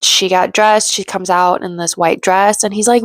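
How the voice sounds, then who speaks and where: A woman's voice: mid-range voice, fairly even intonation, normal speed, hardly any pauses, no room sound. A woman recapping a reality show in a chatty, opinionated way, acting out the quotes. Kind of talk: casual commentary recap.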